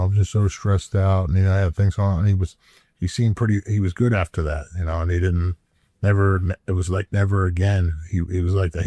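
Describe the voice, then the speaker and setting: Laid-back, low, dark-voiced man. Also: no echo. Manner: laid-back, drawls, stammers and repeats words. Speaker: podcast co-host. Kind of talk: casual storytelling chat.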